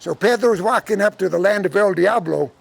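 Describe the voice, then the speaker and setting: A man telling a traditional folk tale to a live audience, acting out the characters' lines in an animated way. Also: high-pitched, a little fast, creaky. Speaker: storyteller. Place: lecture audience setting.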